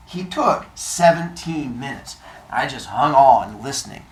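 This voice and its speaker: A woman teacher reading a novel aloud to her class, expressive and animated, with joking asides. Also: extremely low pitch, measured pace, roomy sound.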